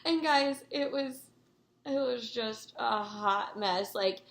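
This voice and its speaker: A young woman vlogger telling a story to the camera in a rambling, excitable way, with many fillers and asides to her viewers. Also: on the high side, slow pace, vocal fry. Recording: echoey room.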